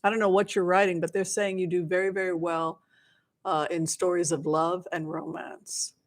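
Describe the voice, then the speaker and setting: A woman's voice: on the low side, flat delivery, normal speed. A woman giving live tarot readings to her viewers, chatty and bubbly, with playful asides. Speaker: tarot reader.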